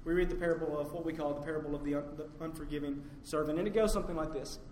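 A man preaching a sermon as pastor, swinging from loud emphatic peaks down to low, quiet points. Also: steady tone, very fast, a little hiss or hum. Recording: echoey hall with long reverb, faint ambience.

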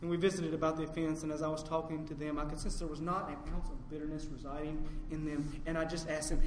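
A man preaching a sermon as pastor, swinging from loud emphatic peaks down to low, quiet points. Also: little pitch movement, fast, few pauses, a little hiss or hum. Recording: echoey hall with long reverb, faint ambience.

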